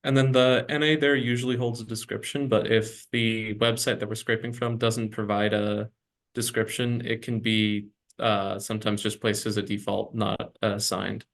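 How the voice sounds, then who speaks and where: A young man, a student developer, explaining how his team's app handles its data, in a measured way with some hesitant fillers. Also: lowish voice, little pitch movement, vocal fry, a bit bright. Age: young adult. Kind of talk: explaining a project during a demo.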